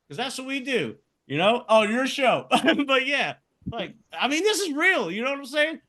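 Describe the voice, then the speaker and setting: High, bright-voiced man ranting. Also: very animated, moderate pace. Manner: profane, heated ranting. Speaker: podcast co-host. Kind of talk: casual chat.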